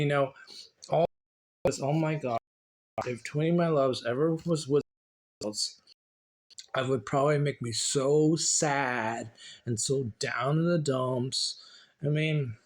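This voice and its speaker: Rambling chatty man, higher voice. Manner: rambling, repeats words, many restarts. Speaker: vlogger. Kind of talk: casual chat and reading aloud.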